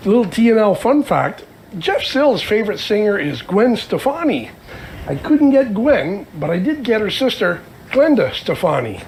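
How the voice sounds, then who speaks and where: A man from Canada presenting a scripted comedy segment with deadpan jokey asides. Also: high voice, normal speed, a little hiss or hum, poor audio.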